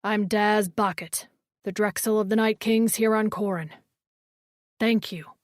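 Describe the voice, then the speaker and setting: A blunt alien warrior chief, read by a woman narrator, commanding and plain-spoken. His voice sits just under her usual pitch. It is read close and dry, with no room sound. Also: fairly even intonation, unhurried, no echo, lightly acted. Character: gruff alien male warrior leader.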